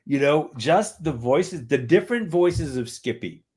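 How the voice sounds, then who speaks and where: A man's voice: on the high side, animated, a little slow, a little mellow. A man, an author, chatting casually on a livestream and often repeating words as he thinks.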